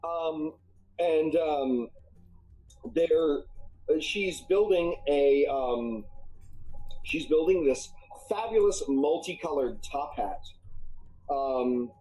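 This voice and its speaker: Male game master, mellow low-bright tone, halting narration full of ums. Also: lively intonation, low-quality recording. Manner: halting, many ums and uhs. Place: live stream.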